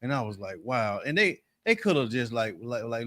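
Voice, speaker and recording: A mid-pitched man with a drawl, telling stories and ribbing his co-host. He has a joking, easygoing delivery, recorded close and dry. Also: lively intonation, brisk, fairly bright tone, dry recording. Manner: joking, storytelling, teasing. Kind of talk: casual chat.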